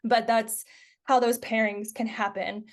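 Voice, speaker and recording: A woman in her thirties with a fairly high voice hosts a relaxed podcast conversation. She talks in a loose, chatty way, with lots of "like" and "you know" between her thoughts. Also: measured pace. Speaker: podcast host. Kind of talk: casual conversational podcast chat.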